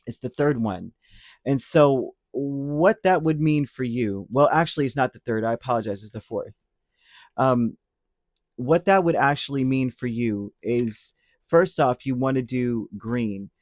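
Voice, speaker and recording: A man talks through a spiritual reading in a casual, meandering way, often correcting himself and tossing in little check-ins. His voice sits at an everyday middle pitch, recorded close and dry with no room sound. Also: darkish tone, no room sound. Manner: rambling, self-correcting, tags lines with "right?". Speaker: tarot reader.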